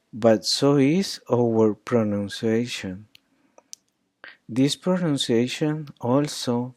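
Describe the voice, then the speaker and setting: Slow, deliberate male English teacher. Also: medium pitch, dark tone, no echo. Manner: slow, deliberate, repeats each example word. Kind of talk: grammar lesson.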